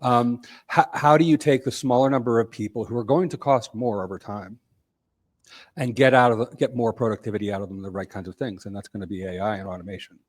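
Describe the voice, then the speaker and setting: A middle-aged man, a company head, talking as a podcast guest in a measured way that often trails off quietly. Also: fairly low pitch, steady tone, no echo. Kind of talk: casual podcast interview.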